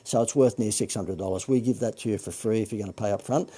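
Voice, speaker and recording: An Australian man hosting a marketing livestream, making a chatty sales pitch with joking asides and frequent self-corrections. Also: quick pace, dark tone, slightly rough. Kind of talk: Facebook Live sales pitch.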